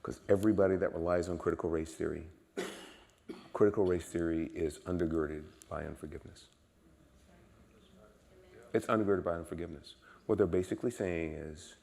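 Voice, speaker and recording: A man preaching a sermon in a church, emphatic and repetitive, swinging from low murmurs to loud exclamations. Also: fairly even intonation, moderate pace, vocal fry, pauses often, in a large hall. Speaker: guest preacher. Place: church sanctuary.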